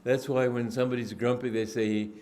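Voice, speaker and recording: A man giving a spiritual discourse, telling stories in an unhurried, reflective way with frequent restarts and throat-clearing. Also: mid-range voice, lively intonation, a little mellow. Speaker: spiritual teacher. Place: indoor gathering hall.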